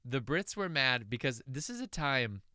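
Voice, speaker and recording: Animated bright-voiced man hosting a podcast. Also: mid-range voice, normal speed, no echo, studio quality. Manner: animated, reads out reviews and trivia. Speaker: podcast host. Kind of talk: casual chat.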